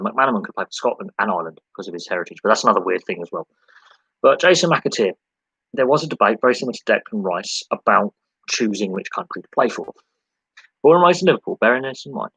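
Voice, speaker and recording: A man's voice: on the low side, fairly bright tone, breathy edge, no echo, low-quality recording. A man from England hosting a solo live sports podcast. He rambles, repeats himself and often restarts his sentences. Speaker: podcast host.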